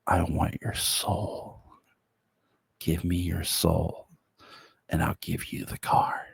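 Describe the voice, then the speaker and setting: A man voicing a sly, tempting devil in human form who bargains slowly and smoothly. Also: very deep voice, expressive, dry recording, heavily acted. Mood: menacing.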